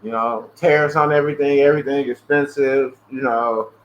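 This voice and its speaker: Animated, cursing man on a livestream. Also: mid-range voice, normal speed. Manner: animated, profane, acts out both sides of phone calls. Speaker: livestream host. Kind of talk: casual livestream rant. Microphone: earpiece or headset. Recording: dull lo-fi stream audio with faint hiss.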